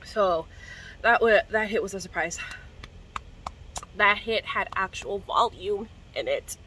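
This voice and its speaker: A woman's voice: medium pitch, slow pace, fairly bright tone, a little hiss or hum, low-quality recording. A young woman vlogger in casual chat to camera, slangy and profane, coughing now and then. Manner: chatty, slangy and profane, coughing between hits.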